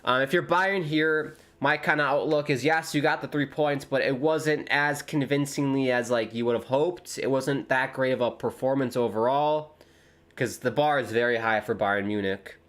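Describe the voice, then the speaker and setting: A man chatting casually on a live football watchalong stream, rambling between excited reactions to the match. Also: mid-range voice, normal speed.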